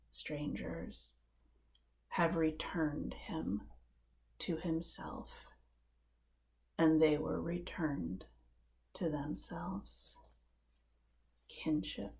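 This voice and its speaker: A woman minister preaching a live-streamed sermon from a living room. Her voice sits low and carries a gravelly edge. She tells her story in a measured, earnest way, leaning on quiet emphasis. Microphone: live-stream setup.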